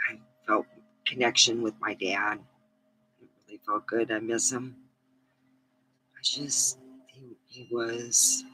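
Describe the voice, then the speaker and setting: A woman's voice: a bass voice, sharp tone, rough recording. A middle-aged woman vlogging in a casual, rambling chat, swearing freely and laughing at her own stories.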